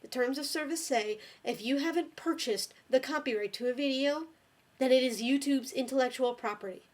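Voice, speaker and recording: A woman with a slightly high voice vents in an angry video rant. She scolds and lectures with open exasperation and swears often. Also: normal speed. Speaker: video blogger.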